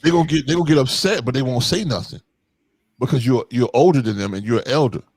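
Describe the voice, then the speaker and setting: A man's voice: medium pitch, fast talker, a little mellow, husky, no room sound. A man co-hosting a casual podcast chat, telling blunt, profane stories and acting out what he would say. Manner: blunt, profane storytelling with acted-out quotes. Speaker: podcast co-host.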